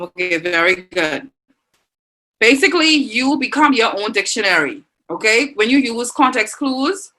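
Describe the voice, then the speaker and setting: An encouraging online language teacher with a Bahamian accent reads out what students type in the chat and praises them. Her mid-range voice is bright and forceful.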